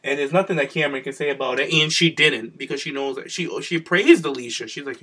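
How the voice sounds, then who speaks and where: A man's voice: fast, hardly any pauses, a bit bright, breathy edge. A man co-hosting a podcast, chatting casually about wrestling with sassy, profane commentary. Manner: sassy, swearing, acts out quotes with big pitch jumps. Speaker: podcast co-host.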